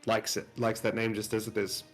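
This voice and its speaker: A man playing his character in a tabletop role-play, talking haltingly and laughing easily. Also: on the low side, monotone, faint music behind. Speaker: player.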